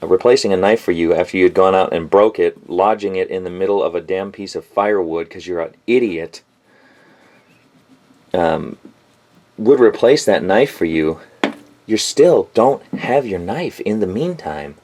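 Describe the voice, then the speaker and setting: A man's voice: low voice, moderate pace, darkish tone. A man reviewing a knife in a home kitchen, talking in a rambling, profane, self-mocking rant to camera.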